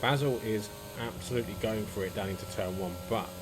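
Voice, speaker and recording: A man calling a sim race as co-commentator in brisk play-by-play. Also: lowish voice, very noisy.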